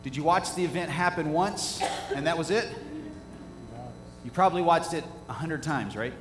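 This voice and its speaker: Male pastor, high-pitched, preaching in a big reverberant sanctuary; rhetorical, builds from hushed to loud. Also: moderate pace. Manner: rhetorical questions to the congregation, swinging from quiet to loud. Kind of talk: sermon. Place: church sanctuary. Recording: echoey church hall, faint hum.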